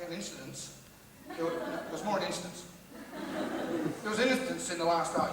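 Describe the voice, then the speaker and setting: Sweary comedian, echoey hall. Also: male voice, high-pitched. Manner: swearing, rambling, riffing with the crowd. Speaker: stand-up comedian. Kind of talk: live stand-up rant. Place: large theatre hall. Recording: echoey hall recorded from far off with loud noise.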